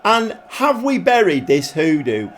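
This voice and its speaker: A man calls the action of his football management game in the chatty manner of a match pundit. His voice sits a little high for a man and keeps a light, eager energy. A faint hiss runs under the recording. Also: a little slow. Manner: commentates like a football pundit, with sudden excited outbursts. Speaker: gaming YouTuber. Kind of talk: excitable game commentary.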